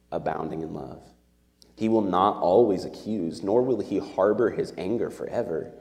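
On a Sunday morning in a church sanctuary, a pastor in his thirties preaches to his congregation in a low, darkish voice. His sermon is earnest and conversational, sprinkled with fillers like "like" and "right?", and the recording carries a long hall reverb.

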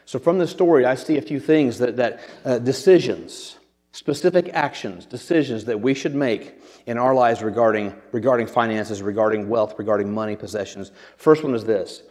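A man preaching in an earnest, conversational way, at an ordinary mid pitch for a man, often repeating a word as he gathers his thoughts. His voice rings out with a long hall reverb. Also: moderate pace, darkish tone. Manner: earnest, conversational, repeats words while thinking. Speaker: pastor. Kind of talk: sermon.

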